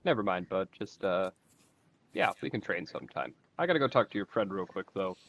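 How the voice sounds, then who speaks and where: A man's voice: deep voice, expressive, fairly quick, gravelly, fairly bright tone. A man playing a tabletop game, talking casually and joking. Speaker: player.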